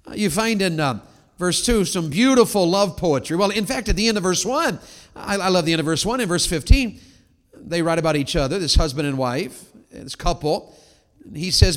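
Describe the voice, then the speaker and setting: A Baptist preacher delivering an animated sermon, swinging from loud exclamations to quiet, drawn-out words. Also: male voice, a little high, in a large hall.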